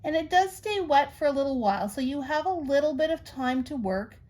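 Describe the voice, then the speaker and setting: A woman's voice: sits high, lively intonation, fairly quick, a little mellow. A middle-aged woman hosting a craft tutorial, chatty and reassuring as she gives practical tips step by step.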